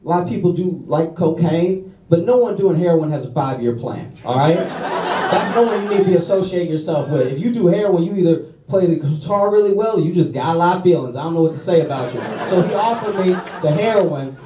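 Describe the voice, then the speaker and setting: Man doing stand-up, self-deprecating, slightly higher voice, echoey live room heard from afar, crowd laughing. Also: animated, a little fast, recorded from a distance, noisy background. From Louisiana, USA. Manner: self-deprecating, conversational, frequent "okay?" asides. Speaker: stand-up comedian. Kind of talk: stand-up routine. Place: large comedy venue with audience.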